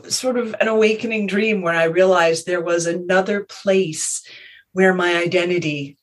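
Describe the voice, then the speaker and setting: A woman guest speaking in a measured, reflective way, telling personal stories in a conversation. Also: on the low side.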